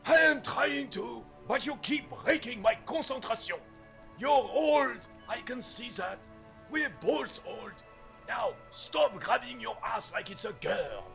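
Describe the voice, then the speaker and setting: Game role: cranky old ex-soldier, high gravelly bark, scolds and bickers. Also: male voice, expressive, takes it slowly, fairly bright tone, faint music behind, exaggerated voice. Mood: scolding. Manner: scolding, indignant. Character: grumpy old male ex-soldier, quick to scold. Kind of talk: video game voice acting.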